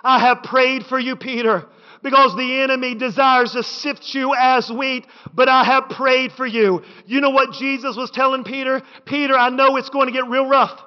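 A man with a very high voice preaches to a congregation, driving his points home with repeated phrases and climbing to shouts. His voice rings through a big church hall with a long tail of reverb. The sound is muffled and lo-fi. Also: fairly even intonation, moderate pace. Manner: rhythmic preaching with repetition, building to shouts. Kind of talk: sermon. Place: church sanctuary.

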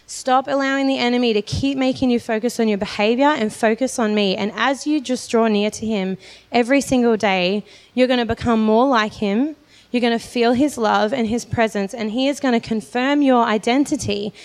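Young woman preaching in a reverberant church. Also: on the high side. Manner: earnest, personal testimony with light laughs. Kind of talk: sermon. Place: church hall. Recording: long hall reverb.

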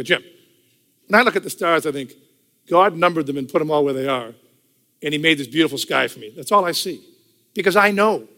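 An older man tells his testimony to a congregation, chatting through the story and driving points home by saying them again and again. His voice sits a little high and comes out bright and forceful. The sound rings with a long reverb, as in a large hall. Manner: conversational storytelling, repeats phrases for emphasis. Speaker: testimony speaker. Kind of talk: church testimony talk.

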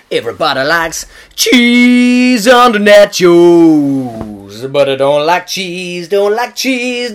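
Rambling, profane man. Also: fairly high pitch. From Ireland. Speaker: comedian. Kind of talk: casual chat.

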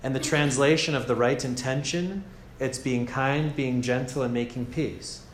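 A man with an American accent giving a gentle, casual meditation teaching at a retreat, often checking in with "yeah?". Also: medium pitch, fairly even intonation, normal speed, slight background noise. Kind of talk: relaxed meditation talk. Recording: echoey room, faint ambience.

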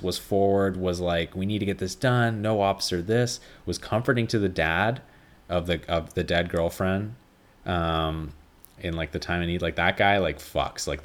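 A man hosting a casual solo podcast, rambling with lots of fillers and swearing freely. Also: low voice. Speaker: podcast host.

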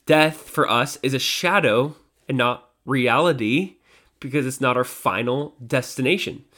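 A man's voice: mid-range voice, unhurried, bright, forceful tone. A man hosting a devotional podcast, teaching a psalm in a conversational way with fillers and self-corrections.

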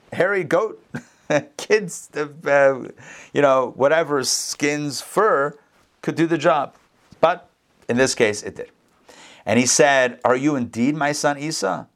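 A man leads a lively scripture lesson for a class. He keeps breaking into character voices that leap up in pitch, then settles back into casual remarks to his listeners. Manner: acts out the characters' lines with big pitch jumps; chatty asides to the class. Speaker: rabbi teaching Torah class.

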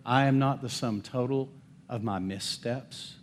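A man's voice: mid-range voice, measured pace, a little hiss or hum. Emphatic man preaching a sermon. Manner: emphatic, calls for congregation responses; swings between loud declarations and soft hushed lines. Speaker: pastor. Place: church service.

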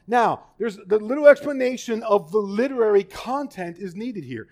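A man preaching a sermon, emphatic and animated, putting questions to the congregation. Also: high-pitched, normal speed.

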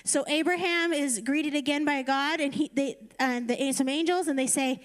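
A woman's voice: sits high, normal speed, hardly any pauses. A woman preaching a conversational sermon, retelling a story casually and then urging her listeners on. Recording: reverberant hall.

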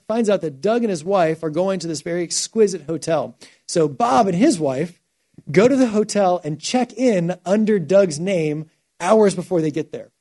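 Animated man preaching a sermon, warm tone. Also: on the high side. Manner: animated storytelling, shifting from quiet to loud. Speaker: pastor.

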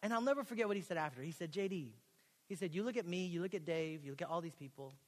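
A young man from Texas, a pastor preaching a sermon in a college chapel, telling a story and acting out the dialogue with lively, casual energy. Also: a little high, quick pace. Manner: animated storytelling, acts out quoted dialogue. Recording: long hall reverb.

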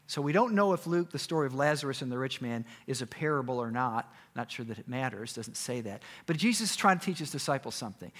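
Guy preaching a sermon in a big echoey room, acts out the story loud then drops real quiet. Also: medium pitch, fast. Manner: dramatic storytelling, swings from loud to hushed. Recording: echoey hall.

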